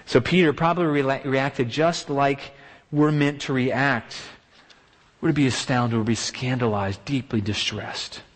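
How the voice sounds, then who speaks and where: A man's voice: medium pitch, steady tone, a little slow. A man preaching a sermon, emphatic, piling up repeated rhetorical exclamations. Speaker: pastor. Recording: long hall reverb.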